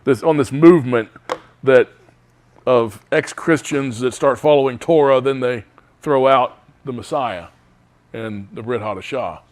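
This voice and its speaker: A man's voice: medium pitch, unhurried, darkish tone. A man teaching a Bible study, reading scripture aloud with emphasis.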